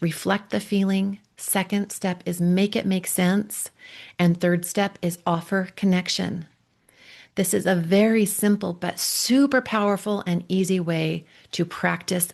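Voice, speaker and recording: A woman coach and podcast host giving a gentle, earnest faith-based talk on marriage, often checking in with "right?". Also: fairly low pitch, vocal fry.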